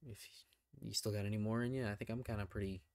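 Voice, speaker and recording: Casual: chill guy rambling about movies, lowish warm voice, super dry mic. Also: quick pace, no room sound. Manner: relaxed, hedging, rambling. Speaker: podcast co-host. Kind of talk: casual film review chat.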